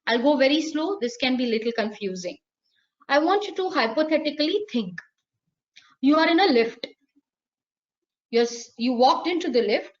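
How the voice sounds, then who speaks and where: Lively high-voiced teacher. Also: female voice, moderate pace, long pauses, muffled recording. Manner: lively, playful, acts out sounds and voices. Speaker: teacher trainer. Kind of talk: live online lecture.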